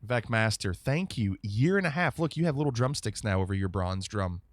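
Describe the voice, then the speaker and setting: Animated man chatting on a live stream. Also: lowish voice, brisk, no echo, clean studio sound. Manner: chatty, animated, reacting to viewer alerts. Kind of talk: casual live-stream chat.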